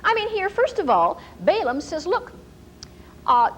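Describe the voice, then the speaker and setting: A woman Bible teacher giving a storytelling sermon in an animated way and laughing often. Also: very high-pitched, moderate pace, a little hiss or hum, rough recording.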